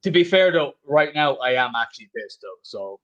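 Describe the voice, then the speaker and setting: A man's voice: mid-range voice, lively intonation, normal speed, muffled recording, over a noisy crowd. Drunk Irishman rambling and swearing. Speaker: guest on a football stream. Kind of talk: casual chat.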